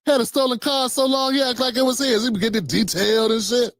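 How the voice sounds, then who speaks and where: A man's voice: very high voice, steady tone, quick pace, fairly bright tone, no echo, clean studio sound. A man hosting a live stream, giving sarcastic, joking commentary full of slang and stories.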